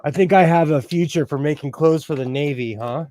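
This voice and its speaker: A man's voice: fairly high pitch, a little fast, dark tone. A middle-aged man hosting a casual sewing livestream from home, chatty and self-mocking, reading chat questions aloud.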